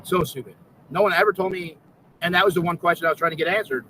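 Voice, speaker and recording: A man's voice: high voice, fast talker, pushed and bright, slight background noise, rough recording. A man ranting angrily on a livestream, swearing constantly and repeating himself in indignation. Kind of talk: angry livestream rant.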